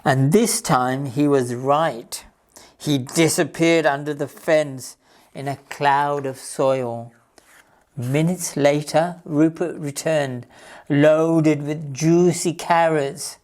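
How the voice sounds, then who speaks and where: A woman reading a picture book aloud to children as a library storyteller, in a slow, gentle, clear manner. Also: deep voice, steady tone.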